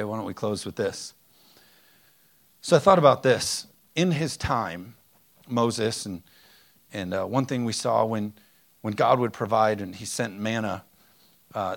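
A man preaching a conversational, energetic sermon full of rhetorical questions. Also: on the low side, creaky. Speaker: pastor.

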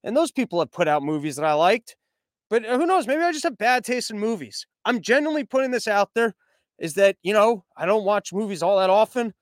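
A young man rambles through the news with a sarcastic, mocking edge, stopping to read sponsor spots. His voice sits high and comes through smooth and clean. The close mic leaves it dry, with no room sound. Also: lively intonation, brisk, no echo. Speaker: news commentary host. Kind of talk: sarcastic news commentary with ad reads.

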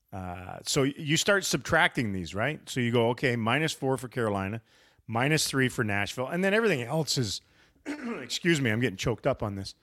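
A man's voice: medium pitch, a bit bright. A man hosting a casual sports podcast, talking in a wry, teasing, rambling way. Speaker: podcast host.

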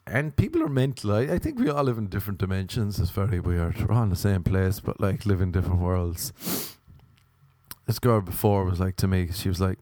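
Irish guy, young, low voice, wry self-mocking comic monologue, dry sound. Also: expressive, moderate pace, darkish tone, no echo. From Ireland.

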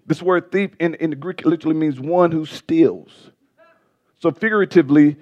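A male pastor preaching a sermon with passion, stumbling over words and swinging between loud bursts and soft asides. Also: high-pitched.

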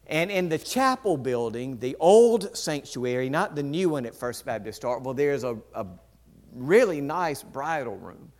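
Male preacher, mid-pitched voice, lively storytelling sermon. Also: measured pace. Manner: animated, acts out quoted voices with big pitch jumps. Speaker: pastor.

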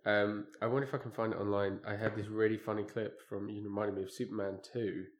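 A man's voice: fairly low pitch, flat delivery, fast, reverberant. Rambling man chatting about films. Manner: rambling, searches for words, laughs while telling. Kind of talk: casual chat about films.

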